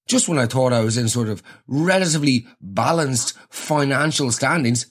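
An Irish man hosting a podcast, telling a comic story in an animated, exasperated rant. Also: mid-range voice, normal speed, few pauses. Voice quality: animated, exasperated ranting with swearing. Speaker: podcast host. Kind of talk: comedic storytelling monologue.

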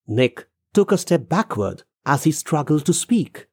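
Audiobook narrator, slow and deliberate, lively pitch, dry close sound. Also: breathy edge, no echo. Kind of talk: audiobook narration of a ghost story.

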